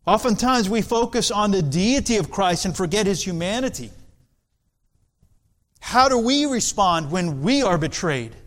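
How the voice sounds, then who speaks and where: Slow, high-voiced male preacher. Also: animated. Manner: earnest, deliberate, with dramatic pauses. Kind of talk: sermon.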